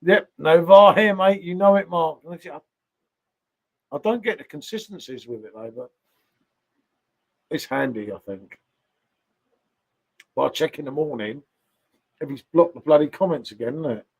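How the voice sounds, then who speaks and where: A man talks casually to his live-stream viewers from his sitting room, tagging little questions onto his remarks. His voice sits a touch high for a man, with a gravelly, husky grain and a good deal of fry. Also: normal speed, long pauses.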